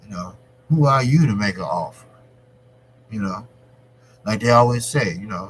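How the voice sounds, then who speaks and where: A man hosting his own boxing channel, talking through a fight in a rambling, conversational way that grows animated when he argues a point. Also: on the low side, normal speed, slight background noise, low-quality recording. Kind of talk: casual boxing commentary.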